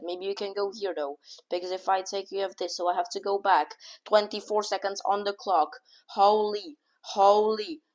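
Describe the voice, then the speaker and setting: A woman giving casual, excitable running commentary on her own chess game, thinking aloud move by move and often scolding herself. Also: mid-range voice. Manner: casual slang, says "bro" and "oh my god". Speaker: chess streamer.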